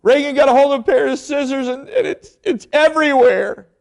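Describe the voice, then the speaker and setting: A man voicing his panicked young wife, frantic and wailing high on the phone. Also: very animated, moderate pace.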